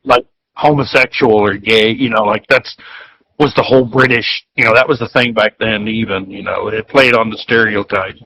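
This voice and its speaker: A man's voice: fairly low pitch, steady tone, normal speed, sharp tone, breathy edge, dry recording, rough recording. A man, co-hosting a podcast in loose casual chat full of fillers. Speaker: podcast co-host. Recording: dry close sound.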